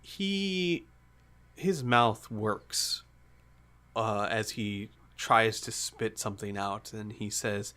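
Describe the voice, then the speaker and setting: A man's voice: lowish voice, sharp tone. A man narrating a tabletop role-playing game as game master. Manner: unhurried, with fillers.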